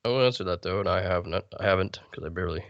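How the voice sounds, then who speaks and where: A man's voice: low-pitched, racing, gravelly, dry recording. A young man co-hosting a streamed talk show, talking in a laid-back, hesitant way. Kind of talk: casual chat. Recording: dull lo-fi mic.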